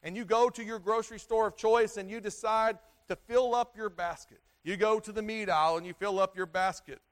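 A man preaching a sermon, repeating himself and restarting phrases, swinging between loud stresses and quiet, low endings. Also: fairly even intonation, fairly quick. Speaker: pastor.

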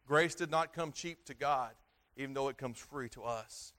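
A man preaching a sermon, repeating himself and restarting phrases, swinging between loud stresses and quiet, low endings. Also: moderate pace. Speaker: pastor.

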